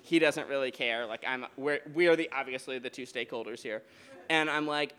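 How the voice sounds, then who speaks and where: A man telling a true story live on stage at a beer garden show, in a rambling, animated way with many restarts and fillers. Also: mid-range voice, brisk, clean tone.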